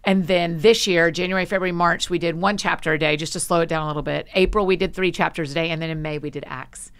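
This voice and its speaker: A woman guest on a podcast, chatting casually and telling stories with animated energy and quick asides. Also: fairly low pitch, clean tone. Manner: frequent laughs and quick asides. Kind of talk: casual conversation.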